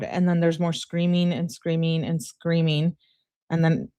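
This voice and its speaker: A woman commentator recapping a trial, reading a call transcript aloud in a plain, measured way. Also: lowish voice, fairly even intonation, warm tone, no room sound.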